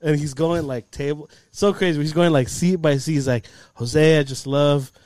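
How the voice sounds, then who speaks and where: Male podcast host, a bit high-pitched, loose rambling storyteller who laughs a lot. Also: fairly even intonation, moderate pace, a little mellow, no room sound. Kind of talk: casual chat.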